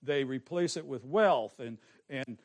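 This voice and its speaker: A man preaching a sermon, telling his own testimony in an earnest way that swings from soft, hushed passages to forceful ones. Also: medium pitch, unhurried.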